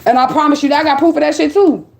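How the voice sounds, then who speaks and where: A young woman hosting a livestream as a spiritual reader, telling stories in a blunt, profane, animated way. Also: sits high, racing, gravelly, a little hiss or hum. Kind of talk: casual livestream storytelling.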